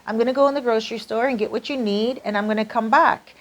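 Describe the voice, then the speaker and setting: A woman's voice: on the high side, fairly even intonation, fast, lightly acted. A woman quoting her story's boyfriend, earnest and reassuring, in her own voice. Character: earnest man, devoted boyfriend.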